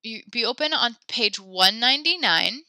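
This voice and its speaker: Encouraging French teacher, bright dry voice. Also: female voice, on the high side, animated, moderate pace, dry recording. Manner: friendly, encouraging, chatty with fillers. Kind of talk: online class instruction. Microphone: computer mic in a video class.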